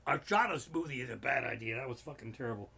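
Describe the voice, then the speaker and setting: A man, a comedian hosting a livestream from his living room, telling a rambling, profane monologue with sudden loud outbursts. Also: mid-range voice, quick pace, gravelly, breathy edge. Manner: swears constantly, rants with sudden loud outbursts. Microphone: home streaming setup.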